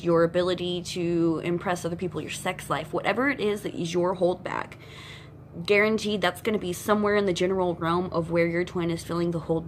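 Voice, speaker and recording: A woman's voice: lowish voice, noisy background. A woman giving twin flame psychic advice to her viewers, talking bluntly and emphatically, repeating her points and addressing them directly. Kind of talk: casual spiritual advice monologue.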